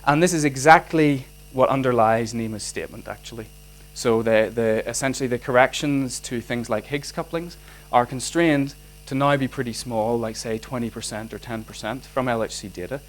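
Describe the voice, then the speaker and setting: A man with a Northern Irish accent lectures on physics in a hall. His pitch sits mid-range and he talks in an animated way, stopping and restarting sentences. A faint mains hum sits under the recording. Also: moderate pace. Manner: animated, many restarts and fillers.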